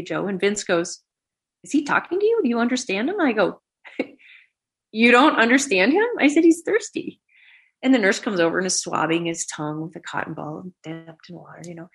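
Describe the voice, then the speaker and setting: A woman guest on a talk show, telling a personal story with lively voices for the people she quotes. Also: mid-range voice, husky.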